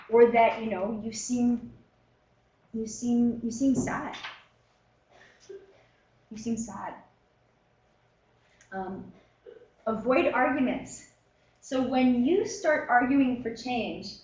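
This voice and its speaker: A woman teaching a professional workshop in a relaxed, conversational way, with many fillers and short acted-out exchanges. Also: a little high, reverberant, low-quality recording. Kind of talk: lecture to a professional audience. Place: meeting room.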